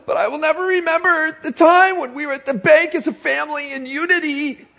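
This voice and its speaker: A man voicing his tearful, sentimental little daughter in a high, pleading voice. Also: a little fast, vocal fry, pushed and bright, heavily acted.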